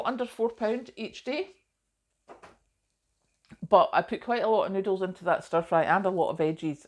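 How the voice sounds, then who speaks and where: In a casual to-camera vlog, a middle-aged woman with a medium-pitched, darkish voice chats and rambles. She's self-deprecating, full of asides, and keeps saying "do you know".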